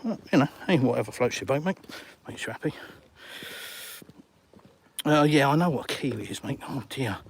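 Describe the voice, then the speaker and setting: A man's voice: mid-range voice, expressive, moderate pace, pauses often, a little hiss or hum. Blunt English man walking and talking. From England. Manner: blunt, sarcastic, reads out comments and retorts. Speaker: vlogger answering live chat. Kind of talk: casual walk-and-talk live stream. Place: outdoors on a seafront.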